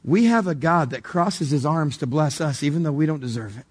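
A man's voice: on the high side, lively intonation, fairly quick, darkish tone, husky. Man preaching in a conversational tone. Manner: conversational, emphatic preaching with direct questions. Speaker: pastor. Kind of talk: sermon.

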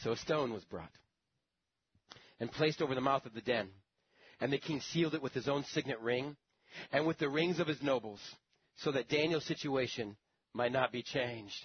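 A man's voice: medium pitch, normal speed, pauses often, breathy edge, no room sound. A man preacher delivering a sermon in a dramatic storytelling manner, with conversational asides to the congregation. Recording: dull lo-fi sermon recording.

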